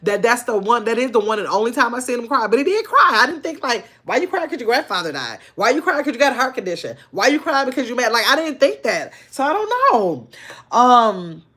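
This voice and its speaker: A woman's voice: fairly high pitch, sing-song, a little fast, pushed and bright, slightly rough. An older woman hosting a casual livestream, chatting loosely and answering viewers' comments as they come in. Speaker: livestream host.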